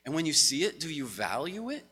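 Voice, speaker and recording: A man's voice: a little high, very animated, fairly quick, bright, forceful tone, slightly rough. A man giving a conversational, story-driven sermon to a congregation as pastor. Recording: long hall reverb.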